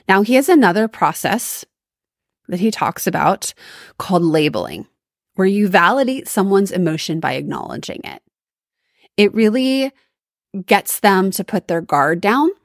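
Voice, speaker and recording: A woman's voice: mid-range voice, lively intonation, unhurried, pauses often, no room sound, studio quality. A woman hosting a solo podcast, giving upbeat, emphatic coaching advice on sales calls. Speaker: podcast host.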